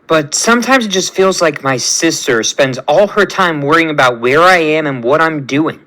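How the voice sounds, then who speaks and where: A man reading as gentle princess Crystal. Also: on the high side, lively intonation, moderate pace, low-quality recording. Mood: earnest. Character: young royal woman, gentle and curious. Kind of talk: reading a fan story aloud.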